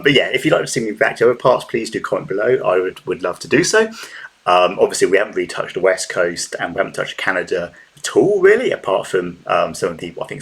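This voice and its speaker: Low-voiced British man reacting. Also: fairly bright tone. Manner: hesitant, many restarts. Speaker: reaction channel host. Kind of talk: casual reaction commentary.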